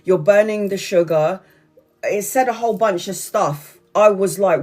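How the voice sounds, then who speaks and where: A woman's voice: medium pitch, unhurried. A woman chatting to viewers on a livestream, telling a story in a rambling, repetitive way and swearing often. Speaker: tarot reader on a livestream. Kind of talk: casual livestream chat.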